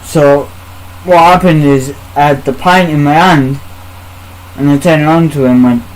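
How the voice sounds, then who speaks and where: A man's voice: fairly high pitch, fairly even intonation, moderate pace, rough recording. Blunt, swearing man telling a story. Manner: blunt, heavy swearing, acts out quoted exchanges. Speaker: podcast host. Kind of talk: casual storytelling chat.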